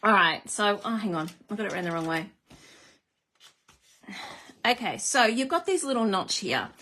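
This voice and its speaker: A woman's voice: mid-range voice, sing-song, moderate pace, sharp tone. A woman hosting a live card-making demonstration, chatty and self-deprecating, greeting viewers as she works. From Australia.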